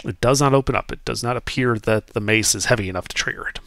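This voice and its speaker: Bright-voiced casual game master, man. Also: on the low side, fast talker, creaky, no room sound. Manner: casual, explains with many fillers. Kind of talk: narrating a tabletop game.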